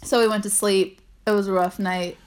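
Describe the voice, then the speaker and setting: A woman's voice: mid-range voice, level tone, moderate pace. A woman casually telling a story with her partner, chatty and quoting people. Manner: chatty, laughs often, quotes people.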